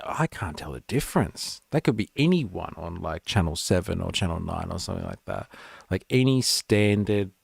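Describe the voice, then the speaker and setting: A man's voice: deep voice, vocal fry, a little mellow, no room sound, clean studio sound. A man with an Australian accent hosting a live stream, talking casually with sarcasm and plenty of swearing. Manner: sarcastic, swears freely, rambling.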